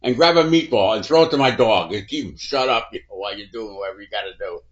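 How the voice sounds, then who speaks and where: A man voicing a loud, exasperated middle-aged man who is holding a shotgun, speaking in a raised, hurried voice. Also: lowish voice, level tone, dull audio, close to an everyday voice.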